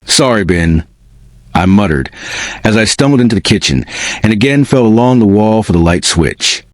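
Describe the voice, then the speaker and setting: A man with a fairly low voice reads a first-person spooky tale aloud. His delivery is expressive and lively in pitch, and the recording is close and dry. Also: brisk, no echo. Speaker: narrator. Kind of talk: first-person storybook narration.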